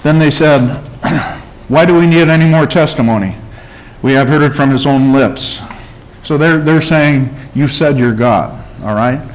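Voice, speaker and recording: A man's voice: on the high side, a little slow, slight background noise, rough recording. Man preaching with emphatic rhetorical questions. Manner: emphatic preaching, calls for amen and tells stories. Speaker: pastor. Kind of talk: sermon.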